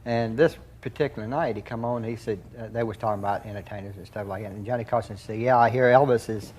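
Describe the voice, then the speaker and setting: A man's voice: fairly low pitch, steady tone, fast talker, a little mellow, husky. An older man in a documentary interview, plain-spoken with casual, loose grammar.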